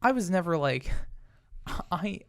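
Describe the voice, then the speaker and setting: Smooth-voiced young man chatting loosely. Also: sits high, animated, slow, a bit bright. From Indiana, United States. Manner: rambling, filler-heavy storytelling with many "like"s. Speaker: podcast guest. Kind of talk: casual chat.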